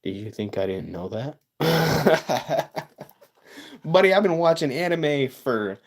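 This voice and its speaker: A man's voice: on the high side, lively intonation, slow. A man, chatting casually with livestream viewers, rambling with stammers and sarcastic asides.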